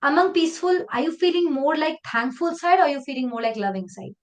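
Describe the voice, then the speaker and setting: A woman with an Indian English accent leads a live online training session, talking fast in a high voice. She's lively and conversational, slipping into Hindi phrases now and then.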